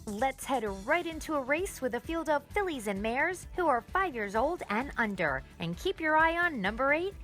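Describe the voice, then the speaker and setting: A woman's voice: sits high, sing-song, normal speed, few pauses, fairly bright tone, faint music behind. A woman presenter reading a scripted, polished voice-over. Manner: polished, announcing. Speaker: show presenter.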